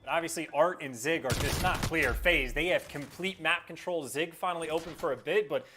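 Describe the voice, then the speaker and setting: A man giving measured, explanatory esports commentary. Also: a little high, noisy background. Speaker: esports caster. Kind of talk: analytic commentary.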